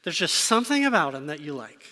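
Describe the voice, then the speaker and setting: A man gives a sermon in a church, his voice high and very bright. He talks to the congregation casually and keeps asking them questions. The sound rings with a long hall reverb. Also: sing-song, quick pace. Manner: conversational, asks the congregation questions. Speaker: pastor. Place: church sanctuary.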